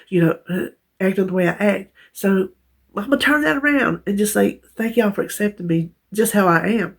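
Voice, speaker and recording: A woman's voice: mid-range voice, normal speed, creaky. A woman chatting casually to her viewers, self-deprecating and talkative. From North Carolina. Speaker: vlogger. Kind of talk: casual chat to camera.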